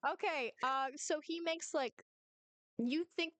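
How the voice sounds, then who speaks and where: A woman's voice: sits high, slow, a bit bright. A woman running a tabletop game over a video call, narrating in a giggly, rambling way. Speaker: game master.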